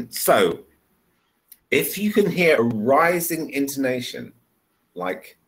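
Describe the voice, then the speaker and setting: Over a video call, a man tutors English one-on-one, explaining patiently and repeating examples. He speaks slowly in a mid-range, sing-song voice, and the audio is poor.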